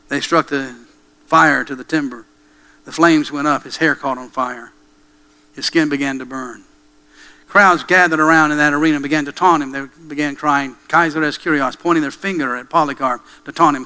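A male preacher telling a dramatic story in a sermon, with hushed pauses and slow, emphatic repetition. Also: on the high side, clear, resonant tone, rough recording.

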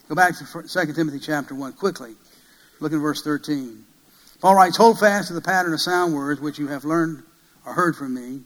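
A man delivers an emphatic sermon, swinging between loud peaks and hushed passages and posing many rhetorical questions. His pitch is fairly high, and the recording quality is low.

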